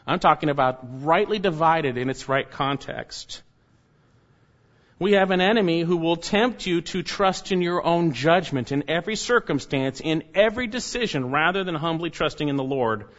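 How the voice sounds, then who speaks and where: A man's voice: on the high side, fairly bright tone. A male pastor preaching an expository sermon, stressing key words with sudden rises. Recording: dull lo-fi recording.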